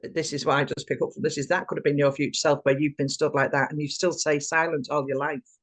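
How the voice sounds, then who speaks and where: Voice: medium pitch, level tone, quick pace, a bit bright. Encouraging voice with tag questions. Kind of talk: supportive conversational reflection.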